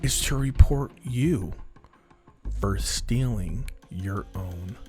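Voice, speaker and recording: A man's voice: fairly low pitch, very slow, darkish tone, faint music behind. A man telling a dramatic personal story to camera for his vlog, acting out what people said along the way. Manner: dramatic, quotes people in different voices.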